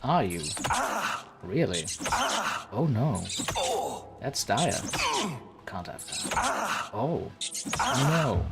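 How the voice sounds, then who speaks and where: A man's voice: medium pitch, very noisy. A man streaming a game live, chatting playfully and theatrically with his viewers and the characters on screen. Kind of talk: live let's-play commentary.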